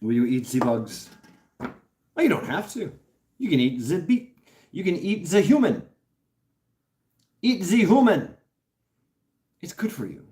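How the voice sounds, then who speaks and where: A man's voice: high voice, very animated, a little mellow. Man, casual livestream host, rambling and laughing, echoey room. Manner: rambling, laughing, swearing, halting with many fillers. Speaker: host reading live chat. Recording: roomy echo.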